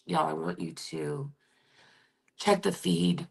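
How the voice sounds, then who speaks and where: Woman, 50s, live-stream host; gravelly, husky delivery, gentle and encouraging, often near a whisper. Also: sits low, steady tone, takes it slowly, pauses often. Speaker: livestream host. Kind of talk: live-stream chat reading viewer comments.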